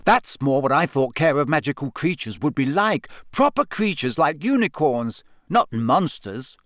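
A man's voice: a little high, sing-song, normal speed, a bit bright, no echo, studio quality. A man voicing a gossipy teenage schoolgirl with a hard, cool tone.

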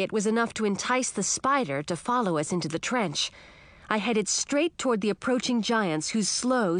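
A woman reading a children's fantasy story aloud in a steady first-person narration, giving voice to the dialogue. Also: a little high, dry recording. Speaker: audiobook narrator.

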